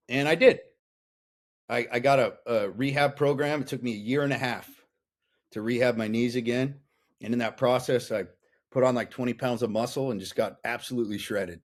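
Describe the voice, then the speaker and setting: A man's voice: medium pitch, moderate pace. A man in his thirties, a podcast guest, telling his story in a blunt, profane, intense way. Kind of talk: casual interview chat.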